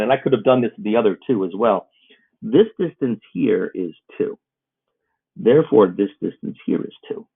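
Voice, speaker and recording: A man's voice: fairly low pitch, gravelly, breathy edge. A man teaching a math lesson, working through problems step by step in a recorded video. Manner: steady, step-by-step explaining. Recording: muffled phone-like audio.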